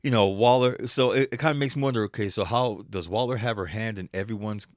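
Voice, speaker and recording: A man's voice: lowish voice, fast talker, no room sound, studio quality. A man co-hosting a casual podcast chat, rambling with restarts and mimicking others' lines. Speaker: podcast co-host.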